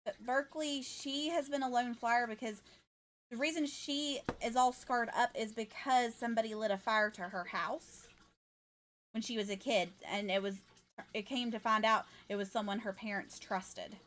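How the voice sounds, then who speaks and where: A woman's voice: a little high, steady tone, moderate pace, a bit bright. A woman chatting casually and rambling on a gaming livestream. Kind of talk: casual gaming stream chat.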